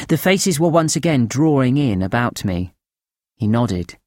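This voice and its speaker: Slow, grave male storyteller. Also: mid-range voice, darkish tone, dry recording, studio quality. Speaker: narrator. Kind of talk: first-person audiobook narration.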